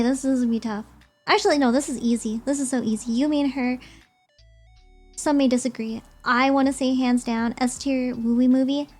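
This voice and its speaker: A young woman streamer chatting casually and rambling as she ranks movies, often giggling. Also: high-pitched.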